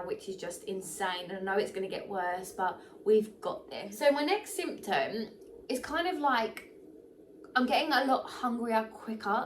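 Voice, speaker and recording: A young pregnant woman, chatting casually to camera, animated and full of fillers, a little short of breath. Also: a little high, recorded from a distance, slight background noise. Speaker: vlogger.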